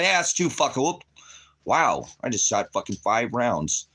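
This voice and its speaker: A middle-aged man vents to camera in a furious, profane rant. He swears nearly every line and his voice jumps into shouting when he gets worked up. Now and then he mimics other people in mocking put-on voices. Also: medium pitch, very animated, unhurried, breathy edge. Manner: mocks others in quoted voices. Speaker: vlogger.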